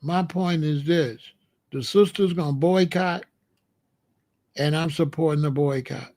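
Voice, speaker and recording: An adult man hosts his own livestream and fires back at the chat in a combative, profane rant, mimicking viewers to mock them. His voice is fairly high for a man, with a measured pace and a slightly mellow tone.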